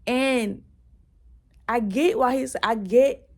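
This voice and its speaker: A woman's voice: a little high, slow pace. Woman gushing over a book, blunt. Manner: excited, retells scenes with many "like"s and restarts; blunt, curses freely. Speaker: book reviewer. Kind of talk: casual book review chat.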